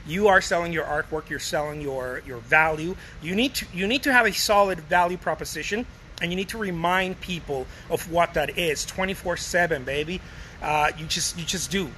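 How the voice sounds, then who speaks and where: A man giving a casual, energetic talk to fellow artists about selling, often calling listeners "baby" and acting out short dialogues. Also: a little high, moderate pace, slight background noise, poor audio. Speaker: artist coaching other artists on sales.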